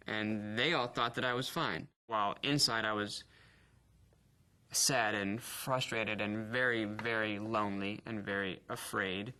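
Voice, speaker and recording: In a personal interview, a thirties-aged male actor reflects openly on his life, his speech marked by stutter blocks and repeated sounds. His mid-range voice comes across pushed and bright.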